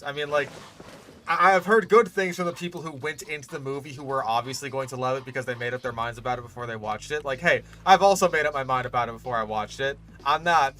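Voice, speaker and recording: Bright-voiced, sarcastic gaming YouTuber. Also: male voice, mid-range voice. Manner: profane, sarcastic and ranting, with many fillers. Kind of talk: casual ranting commentary while building a park in a game.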